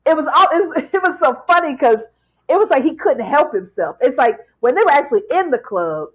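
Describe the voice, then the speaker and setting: A woman's voice: sits high, sing-song, a little fast. A woman talking enthusiastically in a casual podcast chat, laughing often and repeating words.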